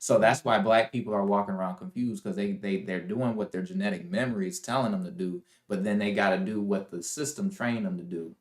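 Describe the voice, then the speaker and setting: A man's voice: fairly low pitch, steady tone, fairly quick, few pauses. A man co-hosting a live faith talk show, reading verses aloud and breaking words down in a preachy way. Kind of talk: casual live discussion with scripture reading. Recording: roomy echo.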